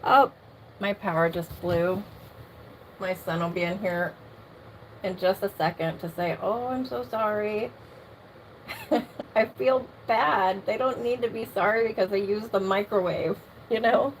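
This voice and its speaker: A woman's voice: medium pitch, unhurried, a little hiss or hum. A middle-aged woman casually chatting on a livestream from her home, laughing often and greeting viewers by name. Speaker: livestream host. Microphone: streaming mic.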